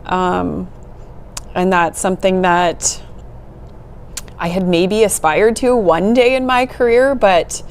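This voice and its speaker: A middle-aged woman, an executive director, talks as a guest in a conversational interview, telling her story earnestly and from the heart. Her mid-pitched voice is steady and slow, with frequent pauses and occasional soft laughs. A faint hiss of noise lies beneath her speech.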